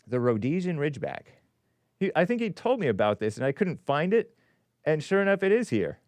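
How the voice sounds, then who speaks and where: A man's voice: fairly high pitch, big pitch swings, brisk, darkish tone, no room sound. A man hosting a call-in show, reading news aloud with sarcastic, rambling asides and chuckles. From California. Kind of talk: casual live-stream commentary.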